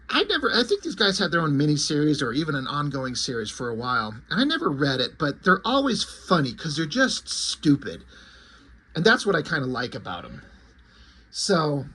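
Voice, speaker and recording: A man's voice: a little high, expressive, normal speed, a bit bright. A man casually recapping a comic book issue in a loose, chatty way with plenty of fillers.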